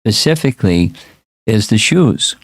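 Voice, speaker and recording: A man's voice: lowish voice, big pitch swings, measured pace, slightly rough, dry recording, studio quality. A man as a spiritual teacher giving a casual scripture class, reflective and repeating himself as he restarts words.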